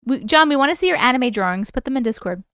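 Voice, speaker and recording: A woman with a New York accent hosts a livestream, reading viewer stories and chatting loosely with her audience. She swears freely and laughs a lot, in a fairly high, smooth voice recorded dry and close. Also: lively intonation, fast, a bit bright, no echo. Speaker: livestream host.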